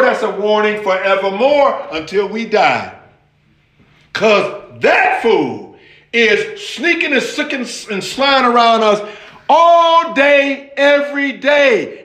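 A man preaching a lively sermon, talking straight to his listeners in a casual, conversational way. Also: high-pitched, a little slow, echoey room. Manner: animated, conversational, addresses listeners directly.

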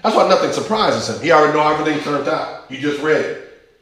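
Animated and fast, this pastor's slightly high, somewhat bright voice fills a very echoey church hall. He preaches with passion, hammering phrases through repetition and pulling responses from the congregation.

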